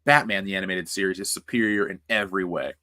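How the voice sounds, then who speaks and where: A man's voice: low-pitched, fast, bright, forceful tone, no room sound, clean studio sound. A man hosting a casual livestream, reading chat and ranting bluntly with profanity. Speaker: livestream host.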